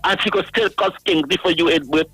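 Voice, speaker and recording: A man calling in to a radio show, ranting in a high voice, laughing through his words and mocking a critic again and again. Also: a little fast, pushed and bright, husky, dry recording, soft background music, rough recording. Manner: repetitive, mocking, addresses a critic by name. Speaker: radio caller. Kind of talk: ranting call-in. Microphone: phone line.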